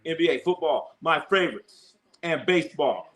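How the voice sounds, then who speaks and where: A man hosting a casual live sports stream, talking to chat with animated bursts of excitement. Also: normal speed. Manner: animated, jumps into high excited shouts.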